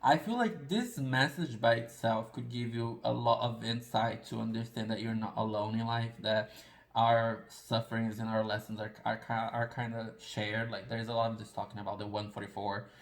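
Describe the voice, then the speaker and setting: A man's voice: mid-range voice, steady tone, normal speed, reverberant, rough recording. A man giving a casual pick-a-card tarot reading, talking in a rambling, confessional and self-deprecating way.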